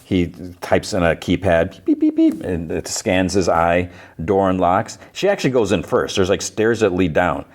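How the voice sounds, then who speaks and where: A man's voice: low-pitched, moderate pace, few pauses. A man hosting a podcast, casually recapping a show scene by scene and quoting the characters' lines. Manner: retells scenes with quoted lines, many "like"s. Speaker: podcast host.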